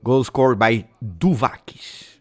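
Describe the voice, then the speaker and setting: A man hosting a live football watch-along, talking through the match and going from low muttering to excited shouting. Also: slow. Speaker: host.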